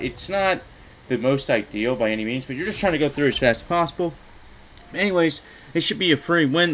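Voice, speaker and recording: A man's voice: mid-range voice, a little hiss or hum, poor audio. Rambling young man narrating gameplay. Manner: rambling, filler-heavy, mildly frustrated. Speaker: gaming YouTuber. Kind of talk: casual gameplay commentary.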